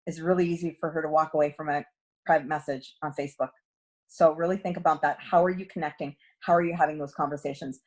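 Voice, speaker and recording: Husky woman coaching sales. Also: low-pitched, fairly even intonation, fast. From Canada. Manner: chatty, storytelling, acts out quoted dialogue. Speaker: direct sales team coach. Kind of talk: sales training talk.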